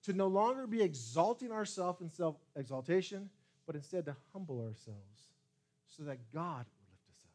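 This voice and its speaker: Male pastor, fairly high voice, very lively pitch, preaching a sermon, swinging loud and soft. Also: moderate pace. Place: church sanctuary.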